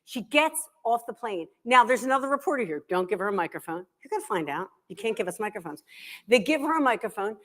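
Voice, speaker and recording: A middle-aged woman, a guest author, telling comic stories to a live library audience in an animated, self-deprecating way. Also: medium pitch, fast talker. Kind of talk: comic storytelling talk.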